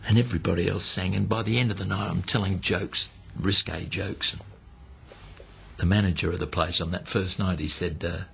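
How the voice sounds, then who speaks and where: Australian male storyteller for an interview, low gravelly voice, acts out the people in his stories. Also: normal speed, slight background noise. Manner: lively storyteller who acts out the people he quotes. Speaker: entertainer interviewee.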